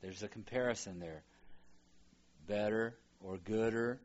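Slow, low-voiced man teaching a lesson. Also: dull audio. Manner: slow, repeats words aloud for practice. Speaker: Hebrew teacher. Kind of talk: classroom Bible lesson.

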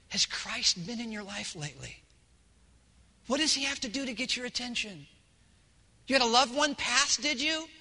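A man preaching a sermon as pastor at a church service, telling stories in an animated way and swinging between hushed and loud delivery. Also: very high-pitched, in a large hall.

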